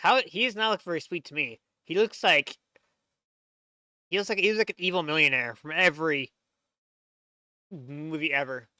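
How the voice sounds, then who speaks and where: A man casually reacting to a video, excitable, swearing and tripping over his words. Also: a little high, normal speed, long pauses, no echo. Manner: excitable, swears, stumbling restarts. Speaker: reaction channel host.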